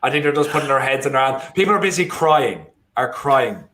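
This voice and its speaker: An Irish man co-hosting a live football watchalong, joking and reacting excitedly to the match. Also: medium pitch, fairly quick, a little hiss or hum. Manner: excitable, jokey, bursts into shouting and laughter. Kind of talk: casual live match chat.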